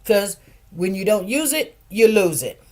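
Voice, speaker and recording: A middle-aged woman talking casually on a livestream, telling stories with lively, preacherly emphasis that drops quieter when she turns serious. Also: mid-range voice, a little slow. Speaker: livestream host.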